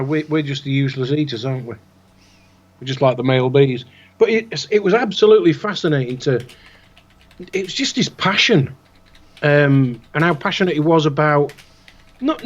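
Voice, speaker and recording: A man's voice: on the high side, lively intonation, moderate pace. Chatty man on a lo-fi call. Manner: chatty, rambling with fillers. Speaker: co-host. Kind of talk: casual chat. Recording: dull lo-fi online call audio.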